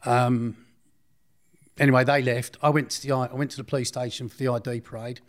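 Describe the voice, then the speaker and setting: A man's voice: mid-range voice, little pitch movement, brisk. A man recounting a personal story in an interview, blunt and slangy, often restarting his sentences.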